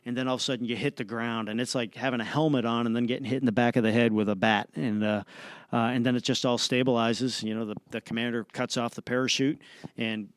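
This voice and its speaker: A man recounts an experience in an animated, play-by-play way, full of fillers and quick restarts. His voice is smooth and resonant at a middle pitch. The sound is dry and close, with no room around it. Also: dry recording. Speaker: astronaut guest. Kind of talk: casual storytelling in an interview.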